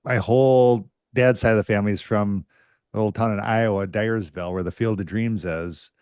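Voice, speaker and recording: A man hosting a podcast in a relaxed chat, nodding along with short agreements before sharing his own stories. His voice is fairly low. The sound is close and dry. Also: moderate pace, smooth, dry recording. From United States. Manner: affirming listener with frequent short agreements. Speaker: podcast host. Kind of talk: casual interview conversation.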